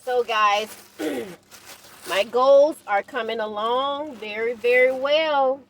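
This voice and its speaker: An older woman talking casually to her viewers while cooking in her van, unhurried and encouraging. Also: on the high side, a bit bright, slight background noise. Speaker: van life vlogger. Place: inside a parked van.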